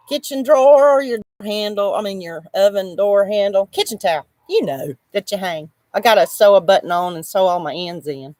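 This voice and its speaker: A woman's voice: on the high side, no echo. A woman hosting a casual crochet livestream outdoors, chatting and reading viewers' comments aloud as she laughs often. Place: outdoors in the shade.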